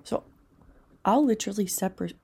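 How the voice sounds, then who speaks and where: A young woman hosting a self-help talk, earnest and rambling, sometimes dropping into soft whispers. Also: medium pitch, moderate pace, husky. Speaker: self-help podcast host. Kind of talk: casual motivational talk.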